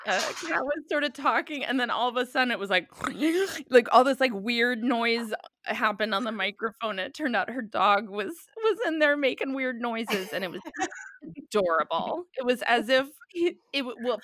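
A woman in her thirties hosting a podcast, telling stories quickly and playfully. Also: on the high side, no echo, studio quality. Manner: quick, animated storyteller, playful. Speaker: podcast host. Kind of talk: casual chat.

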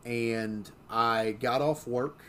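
A man's voice: medium pitch, fairly even intonation, extremely slow, a bit bright, slight background noise. A man co-hosting a casual podcast chat, telling stories with lots of fillers and restarts. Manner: storytelling, many fillers and restarts. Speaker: podcast co-host.

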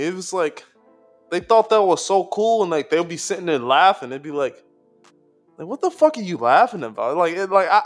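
A man's voice: a little high, fairly bright tone. A man co-hosting a podcast in casual chat, rambling with lots of fillers, restarts and swearing. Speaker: podcast co-host.

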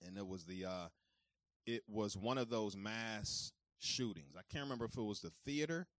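A man preaching a sermon who moves between calm teaching and loud, high-pitched preaching, talking informally straight to his congregation. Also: moderate pace, no room sound, studio quality. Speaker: pastor.

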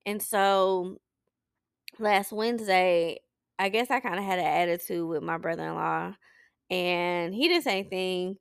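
Just a woman talking about her week on her podcast, candid n rambly, kinda teary, fry in her voice, dry sound. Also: lowish voice, measured pace, no room sound. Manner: candid, emotional, rambling with restarts. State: tearful. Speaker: podcast host. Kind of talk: personal check-in talk. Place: Saint Louis.

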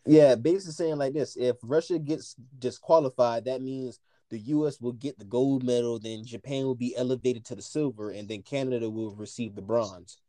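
A man co-hosting a casual podcast, reading a news article aloud in a halting way full of filler words. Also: medium pitch, warm tone, no room sound.

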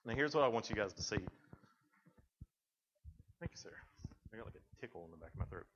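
A man's voice: fairly low pitch, lively intonation, a little fast, a bit bright, lo-fi sound, a little hiss or hum. A man giving a casual, joking sermon to a youth group, acting out the voices in the story he tells. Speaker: youth speaker.

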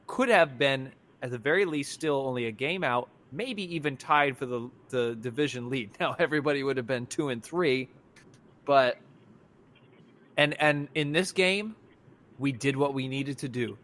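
A man's voice: mid-range voice, fairly bright tone. A man co-hosting a casual sports fan reaction podcast, rambling and exasperated, with frequent restarts. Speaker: podcast co-host.

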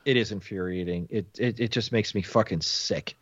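A man's voice: fairly low pitch, normal speed, breathy edge, no echo. A man co-hosting a casual sports podcast, blunt and profane, sounding exasperated. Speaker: podcast co-host. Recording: dull lo-fi recording.

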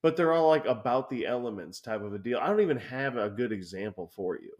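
A young man chats loosely on a podcast, cursing freely as he rambles through a story. His voice sits at an ordinary middle pitch. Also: expressive, brisk, a little mellow, slight background noise. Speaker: podcast co-host. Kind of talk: casual chat.

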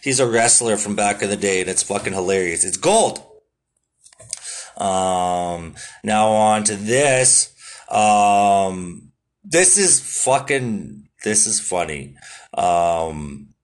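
Laid-back, swearing podcast host. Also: male voice, on the low side, animated, slow. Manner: laid-back, swears constantly, lots of fillers. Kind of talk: casual solo podcast talk.

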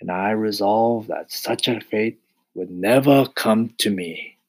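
A man's voice: lowish voice, slow pace, pitched above the performer's own voice. A man voicing a fussy, stingy male mouse in an audiobook, speaking in a theatrical, self-pitying way. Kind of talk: audiobook character voice.

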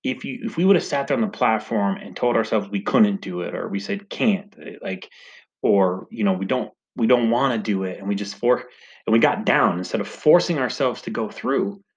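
A man with a somewhat low voice tells a personal story in a loose, conversational way. He leans on "you know" and tags "right?" onto his points. The recording sounds dull and a bit lo-fi. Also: normal speed. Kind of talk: casual storytelling talk.

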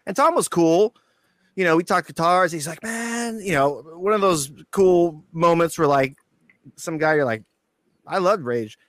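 Male guest, casual and profane, lively delivery with a slightly high voice, dry sound. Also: a little slow, no echo. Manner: profane, animated storyteller acting out quotes. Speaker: guitarist guest. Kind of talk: casual storytelling interview.

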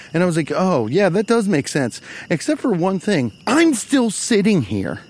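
A man with a high, lively voice tells a stand-up story, swearing and getting worked up. He keeps slipping into little voices for the people he quotes, with his pitch jumping up and down as he goes. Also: normal speed, few pauses. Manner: profane, exasperated, acts out the characters he quotes. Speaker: comedian.

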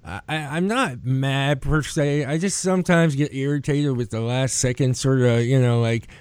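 A man's voice: medium pitch, normal speed, a little mellow, clean tone, no room sound. A man, hosting a podcast and telling a rambling, profane story. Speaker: podcast host. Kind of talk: casual chat.

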